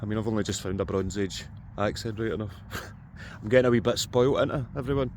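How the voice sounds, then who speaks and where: A man's voice: lowish voice, brisk, darkish tone, a little hiss or hum. Jokey Scottish man out in a field. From Scotland. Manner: jokey, chatty, talks to viewers. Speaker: metal detecting vlogger. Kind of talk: casual vlog narration outdoors. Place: open farm fields outdoors.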